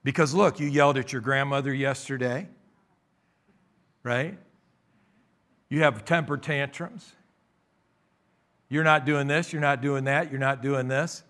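A male pastor preaching a sermon, calling out for amens and moving between loud emphatic bursts and quieter asides. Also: mid-range voice, steady tone, measured pace, long pauses.

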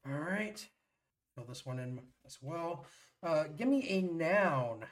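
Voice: mid-range voice, lively intonation, takes it slowly. A podcast host leading a fill-in-the-words game in casual chat with dry, teasing remarks.

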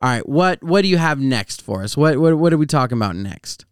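A man's voice: fairly high pitch, animated, brisk, smooth, dry recording, studio quality. A man co-hosting a podcast in casual chat, laid-back and profane, often laughing as he talks. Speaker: podcast co-host.

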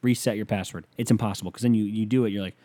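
This young man's solo podcast is a profane, rambling rant full of swearing, recorded in his bedroom while he leans on the mic. He speaks at a racing pace in a lowish, mellow voice with fairly even intonation, and he sounds exasperated. No echo is present.

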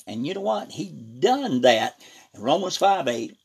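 A man preaching a sermon, reading scripture and breaking in with "praise God" and "hallelujah" as his voice swings between loud and soft. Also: fairly high pitch, very animated, a little slow, vocal fry, slightly rough. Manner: reads scripture aloud with preaching emphasis.

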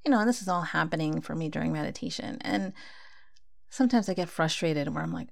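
Woman, casual spiritual talk, conversational, gravelly voice. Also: low-pitched, fast talker. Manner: conversational, acts out her own inner dialogue.

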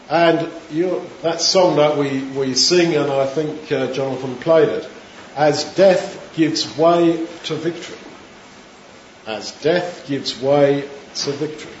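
A man preaching a sermon, retelling scripture in a lively storytelling manner, in an echoey room with dull sound. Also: fairly high pitch, slight background noise. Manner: animated storytelling, retelling scripture in his own words.

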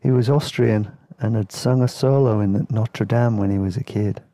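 Gravelly laid-back man. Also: lowish voice, moderate pace, warm tone, dry recording. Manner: rambling, laid-back, laughs between stories. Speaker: podcast host and storyteller. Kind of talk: casual spoken travel memoir.

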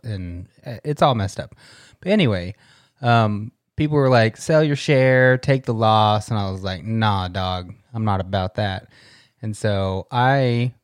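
Low-voiced man rambling on a podcast. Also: no echo, studio quality. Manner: rambling, laughs often. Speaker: podcast co-host. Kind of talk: casual chat. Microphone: studio mic.

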